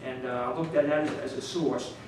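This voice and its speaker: A man's voice: medium pitch, steady tone, a little fast, darkish tone. A man with a New Orleans accent, an author chatting casually with a small audience, rambling and chuckling as he restarts his sentences. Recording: echoey room miked from a distance, noise.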